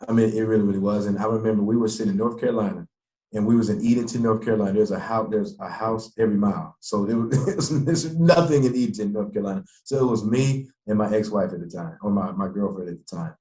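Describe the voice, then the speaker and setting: A man's voice: fairly low pitch, quick pace. Man telling stories in an echoey room. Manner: animated storyteller acting out quotes. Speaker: guest, former pro football player. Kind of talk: interview storytelling.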